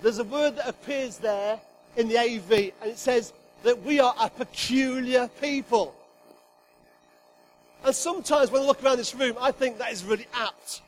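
A man's voice: very high-pitched, moderate pace, soft background music, rough recording. A middle-aged man preaching a sermon to a congregation, joking with them and acting out God's voice with emphasis. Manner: humorous, emphatic, acts out God's voice. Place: church hall with congregation.

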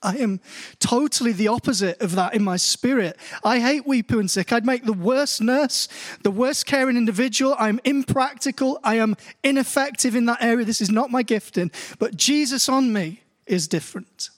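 A British pastor with a notably high voice delivers a sermon in a church. He reads scripture in a slow, deliberate way, then tells personal stories with rising animation. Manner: storytelling, rising in pitch as he grows animated. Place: church hall.

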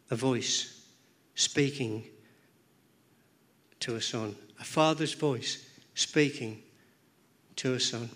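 A man's voice: medium pitch, fairly even intonation, slow pace, pauses often, fairly bright tone. A man preaching a sermon to a congregation, emphatic and rhythmic, often repeating words and phrases as he builds his points. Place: church.

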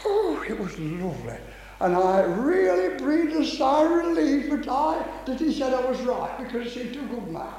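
An older man preaching a fervent Pentecostal sermon, reading scripture aloud and exclaiming with excitement. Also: very high voice, normal speed, slight background noise. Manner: fervent, exclaiming, breaks into song. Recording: echoey hall reverb.

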